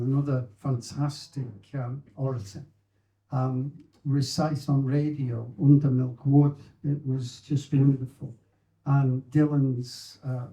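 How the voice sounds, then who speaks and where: An older man talks a live audience into a poem, taking his time and dropping wry asides. His voice is mellow and middle-pitched. The room around him is echoey. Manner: unhurried, halting, wry asides. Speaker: poetry reader at a live book event. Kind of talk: informal spoken introduction to a poem. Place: live event venue with audience.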